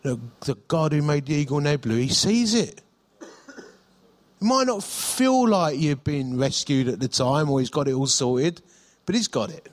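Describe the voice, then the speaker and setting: A man's voice: on the high side, animated, normal speed. A middle-aged male pastor, preaching in a chatty storytelling way, with self-deprecating humour and frequent restarts. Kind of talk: sermon.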